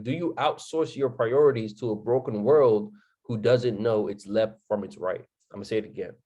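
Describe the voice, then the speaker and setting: A young man's medium-pitched, darkish voice comes through with the highs cut off as he motivates his live-stream audience. He repeats himself, poses rhetorical questions, and throws "right?" at the chat.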